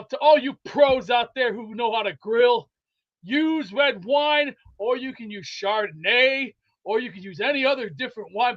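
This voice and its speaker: Man, very high voice, bright and forceful, boastful rambling sports chat, lo-fi sound. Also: gravelly. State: out of breath from exercise. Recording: dull lo-fi sound.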